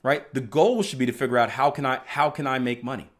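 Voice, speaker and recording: A trading coach, a man with a mid-range voice and fairly even intonation, talks fast while teaching about trading in a motivational way. He's emphatic and repetitive, with bursts of loud stress, and keeps checking in with "right?"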